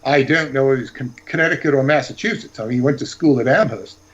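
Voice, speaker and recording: A man's voice: mid-range voice, quick pace, lo-fi sound. A man talking as a guest author, telling rambling, digressive anecdotes in casual chat.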